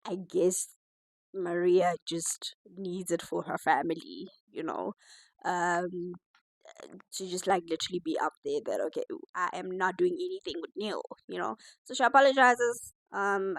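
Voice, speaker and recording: A woman giving casual, animated commentary on a reality TV show. She laughs often as she reacts. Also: lowish voice, normal speed, no room sound, poor audio. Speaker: reality TV reviewer.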